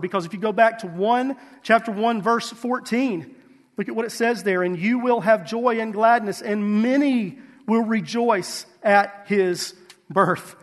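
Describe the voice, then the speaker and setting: High-voiced man preaching in a hall. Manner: earnest preaching with rhetorical questions. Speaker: pastor. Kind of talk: sermon.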